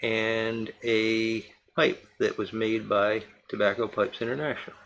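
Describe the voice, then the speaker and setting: A man's voice: on the low side, level tone, unhurried, gravelly, a bit bright, rough recording. A man hosting a casual live-stream charity auction, chatting and reading out bidders and their bids. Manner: chatty, reads out bidders and amounts. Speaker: livestream charity auction host.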